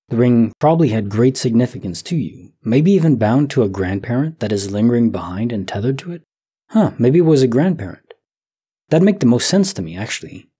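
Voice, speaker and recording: A man in his thirties, a sleep story narrator, musing slowly and softly as he comments on listener stories. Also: mid-range voice, husky. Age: 30s. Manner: slow, soft, reflective, thinking aloud.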